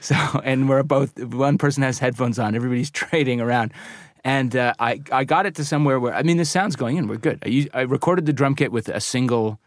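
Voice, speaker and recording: Male engineer guest, mid pitch, meandering anecdotal delivery, dry close mic. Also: fairly quick, few pauses, no echo. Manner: rambling anecdotes with laughs and restarts. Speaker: recording and mixing engineer, guest. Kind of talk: casual interview chat.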